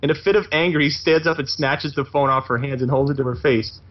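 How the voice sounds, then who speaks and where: A man's voice: mid-range voice, fairly even intonation, fast talker. A man narrating a comedic parody story aloud, stumbling and correcting himself as he reads. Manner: reading aloud with slips and self-corrections. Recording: muffled lo-fi recording.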